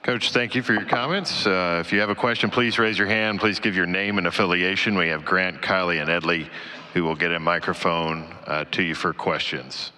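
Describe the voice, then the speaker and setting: A deep-voiced man moderating a press conference, brisk and procedural. His low voice still has a sharp, bright edge. He sounds a little distant from the mic. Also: steady tone.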